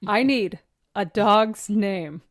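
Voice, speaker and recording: A woman's voice: mid-range voice, slow pace. A woman hosting a comedy podcast, teasing and giggly, reading a silly fill-in story. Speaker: podcast host.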